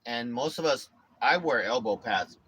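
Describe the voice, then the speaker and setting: A man's voice: mid-range voice, animated, normal speed, fairly bright tone, husky. A man chatting casually to his viewers, telling rambling, profane stories full of slang. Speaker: streamer.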